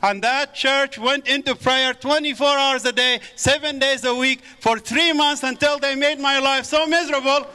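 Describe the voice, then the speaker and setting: A man's voice: very high voice, steady tone, normal speed, few pauses, bright, forceful tone. A middle-aged man from the Middle East, a native Arabic speaker, giving a fervent sermon-style testimony to an audience in a large church. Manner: fervent preaching with exclamations of praise. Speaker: guest speaker. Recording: echoey hall with audience.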